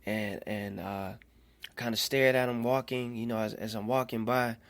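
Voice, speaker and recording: A man telling a personal faith testimony in an earnest, halting way, often repeating phrases as he goes. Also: medium pitch, fairly even intonation. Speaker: storyteller.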